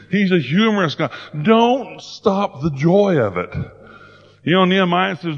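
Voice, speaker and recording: A man's voice: fairly high pitch, highs cut off. A man preaching a sermon, telling stories in a folksy, playful way. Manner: folksy storytelling, playful and animated.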